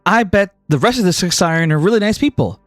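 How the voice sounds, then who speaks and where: A man's voice: high voice, lively intonation, fast, no echo, soft background music. A man voicing an earnest, curious young woman sorcerer in a tabletop role-play. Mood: hopeful. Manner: earnest and hopeful.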